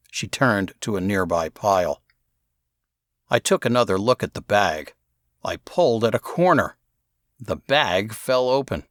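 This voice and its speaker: Male audiobook narrator, lively up and down pitch, dry close studio sound. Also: unhurried, long pauses, dry recording. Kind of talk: first-person audiobook narration.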